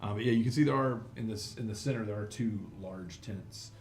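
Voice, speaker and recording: A man narrates a tabletop game as its game master, wandering through his descriptions with plenty of fillers. His voice is low and gravelly. The room is echoey, with a faint hiss. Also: a little fast. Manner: rambling, many fillers. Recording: echoey room, some noise.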